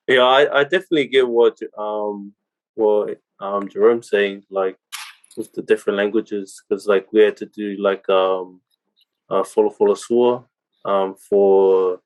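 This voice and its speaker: Laughing man with a lower voice on a podcast. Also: poor audio. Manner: laughs often, many fillers. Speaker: podcast co-host. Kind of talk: casual chat.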